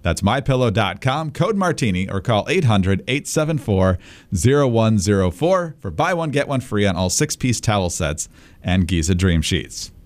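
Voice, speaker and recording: A man co-hosting a political podcast, wry and steady, also reading the sponsor ads smoothly. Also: on the low side, moderate pace. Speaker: co-host. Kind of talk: political podcast commentary and ad read.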